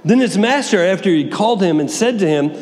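Preacher guy, high voice, big swings soft to loud, long echo from the hall. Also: a little fast. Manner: lively, wide swings in pitch and loudness, reads scripture dramatically. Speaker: pastor. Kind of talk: sermon.

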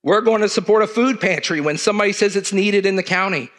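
A man's voice: high-pitched, quick pace, a bit bright. A middle-aged man, preaching in an earnest, conversational way to his church. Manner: earnest, conversational preaching with southern turns of phrase. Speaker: church leader. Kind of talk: sermon.

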